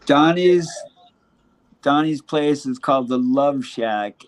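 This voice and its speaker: A man speaking very slowly in a mid-pitched voice makes dry, joking remarks in a casual chat. He takes his time and sounds unhurried. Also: smooth.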